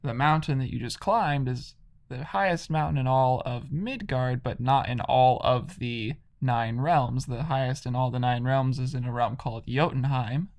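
A man's voice: medium pitch, moderate pace, a little mellow. A man casually retelling a video game's story, rambling with lots of "like".

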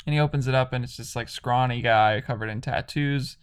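A man's voice: medium pitch, brisk, clean tone. A man casually retelling a video game's story, rambling with lots of "like".

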